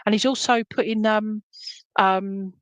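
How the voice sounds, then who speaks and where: A woman's voice: mid-range voice, fairly even intonation, a little slow, no room sound, low-quality recording. A middle-aged woman, giving a live psychic reading. She relays messages in a chatty way and keeps checking in with "okay?" and "all right?". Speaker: psychic medium.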